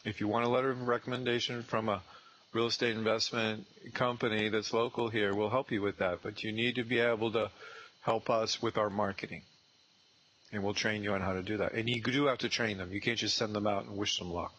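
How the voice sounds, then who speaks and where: A man coaching a trainee one on one on real estate prospecting, animated and acting out sales scripts. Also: lowish voice, a little fast, rough recording.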